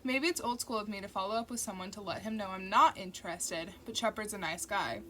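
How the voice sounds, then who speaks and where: A woman reads a novel aloud in the first person, her mid-range voice steady and intimate. Faint construction noise drifts in behind the reading. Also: mid-range voice, a little fast. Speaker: audiobook narrator. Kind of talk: first-person audiobook narration.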